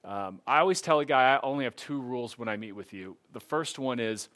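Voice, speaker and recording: A man's voice: mid-range voice, animated, a little fast, a bit bright. A middle-aged man telling a personal faith testimony in a casual, earnest way, livening up when he quotes other people.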